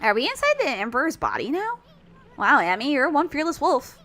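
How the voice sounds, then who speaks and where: A woman's voice: high voice, wildly swooping pitch, a little fast, fairly bright tone, voice pushed up, heavily acted. A woman reading game dialogue aloud for a tiny, brash male sidekick who talks in a cocky, teasing way.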